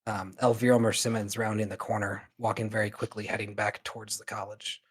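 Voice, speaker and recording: A man's voice: lowish voice, level tone, a little fast, breathy edge. Casual man narrating as game master. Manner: loose, filler-heavy narration.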